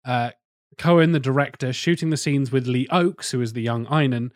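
A man's voice: medium pitch, moderate pace, no room sound. Guy hosting a movie podcast, swears a lot, dry close mic. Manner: swears casually, quizzes co-hosts. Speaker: podcast host. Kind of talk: casual film chat.

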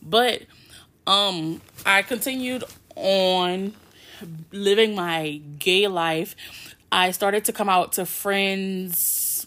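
A young woman speaks with a somewhat low voice, telling her story in a casual, unscripted podcast monologue. She is blunt and swears freely, and her retellings are animated. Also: creaky. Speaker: podcast host.

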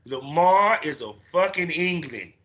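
A man hosting a podcast in casual chat, animated and profane, acting out his own reactions. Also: a little high, measured pace, lo-fi sound. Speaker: podcast host.

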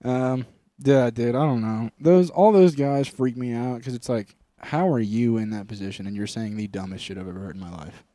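A man's voice: mid-range voice, moderate pace, few pauses, dry recording. A young man co-hosting a comedy podcast, joking and swearing freely in casual chat. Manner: joking, lively, swears freely, slips into silly impressions. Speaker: podcast co-host.

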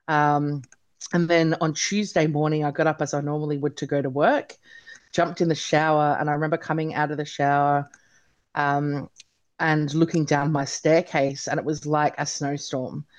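A woman in her thirties from Australia, telling her story as an interview guest, chatty and animated, with many "like"s and "you know"s. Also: deep voice, moderate pace.

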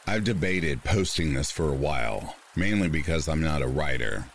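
Deep-voiced male narrator with an expressive, shifting pitch; deliberate scripted horror reading over soft rain. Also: a little hiss or hum. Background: faint rain.

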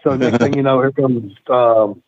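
A middle-aged man, a former pro wrestler, telling rambling, profane stories with quick laughs as a guest in a casual interview. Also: medium pitch, steady tone, a little mellow. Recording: tinny phone-like line.

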